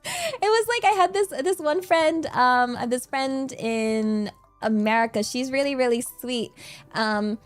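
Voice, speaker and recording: A woman's voice: high-pitched, unhurried, faint music behind. A young British woman streamer chatting casually with her viewers, bubbly and giggly as she reads out the chat. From Britain.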